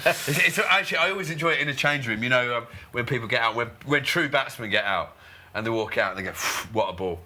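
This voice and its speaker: A man co-hosting a cricket show, telling quick anecdotes in a casual, laughing chat. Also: mid-range voice, pushed and bright. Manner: chatty anecdotes, laughs often. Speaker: cricket show co-host, former player.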